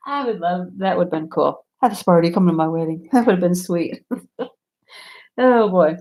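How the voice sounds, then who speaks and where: A woman vlogger telling stories in a casual chat, animated and often laughing. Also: fairly low pitch, unhurried.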